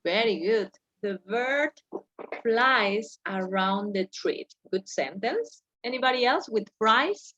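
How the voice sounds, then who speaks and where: Slow, patient woman teacher. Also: fairly high pitch, lively intonation, sharp tone, lo-fi sound. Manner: patient, slow, correcting students step by step. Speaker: English teacher. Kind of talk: online class teaching. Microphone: video call.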